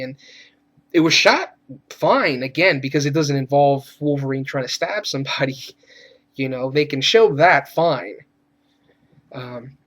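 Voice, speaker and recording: A man's voice: a little high, fairly bright tone. A man giving a casual, rambling film review, cursing freely and getting worked up as he rants. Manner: rambling, profane, gets worked up when ranting. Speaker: movie reviewer.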